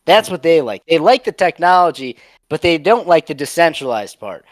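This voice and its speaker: A man's voice: on the high side, very animated, normal speed, no echo. A man co-hosting a casual livestream, speaking bluntly with laughs between points. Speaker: livestream co-host.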